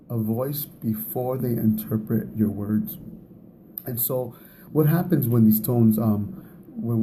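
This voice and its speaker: Conversational man with a very dark voice. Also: medium pitch, slight background noise. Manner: conversational, repeats words, laughs at himself. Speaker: speaker teaching on relationships. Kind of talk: casual teaching talk.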